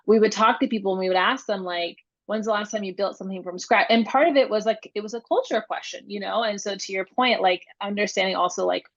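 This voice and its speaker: A woman's voice: medium pitch, fast talker, few pauses, fairly bright tone. A woman hosting a podcast, chatting casually and reflectively, often saying "like" and "um" as she sets up her questions. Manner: chatty, filler-heavy, reflective. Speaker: podcast host. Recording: slightly dull, muffled audio.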